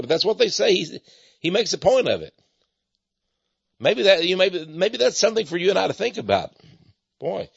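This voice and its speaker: An older man with an East Texas drawl, preaching in a folksy, rambling way. His voice is husky, and his pitch swings widely between phrases. The sound is dry and a bit dull, like a lo-fi recording. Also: no echo. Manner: folksy, repeats words, chuckles. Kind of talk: folksy sermon-style talk.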